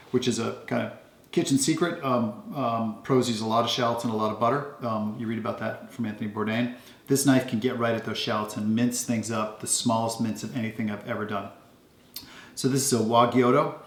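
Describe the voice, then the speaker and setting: A man casually showing off his kitchen knives at home, talking in a relaxed, rambling way with lots of ums. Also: mid-range voice, echoey room. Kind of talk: casual show-and-tell.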